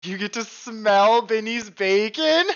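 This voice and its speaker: A woman with a fairly high voice chats with her viewers as she plays a game live, taking her time over every word. She reacts aloud, reads on-screen text and swears casually. The stream audio sounds a little dull and lo-fi. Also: expressive, slow.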